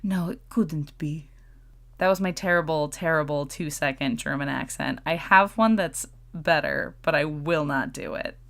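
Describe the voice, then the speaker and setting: Low-pitched lady podcast host, chatty and playful, laughs a lot. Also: normal speed, creaky, few pauses. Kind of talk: casual chat.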